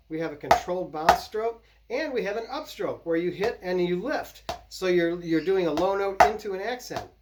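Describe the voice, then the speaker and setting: A drum teacher explains strokes in a relaxed, plain way, pausing to count patterns aloud. The voice sits at a middling pitch. Loud snare drumming rings out behind the talk. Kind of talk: casual instructional demo.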